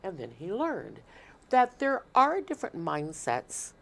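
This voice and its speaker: A woman speaks as a guest in a casual interview, in a slightly low voice. She explains earnestly and at length, often restarting her sentences as she goes. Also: wildly swooping pitch, unhurried, creaky. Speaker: shelter marketing manager, guest.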